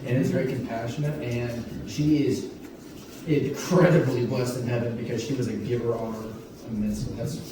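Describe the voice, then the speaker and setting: A man shares a family memory, rambling and heartfelt. He sounds far from the mic in a very echoey space. Loud background noise fills the recording. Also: medium pitch, fairly even intonation, normal speed.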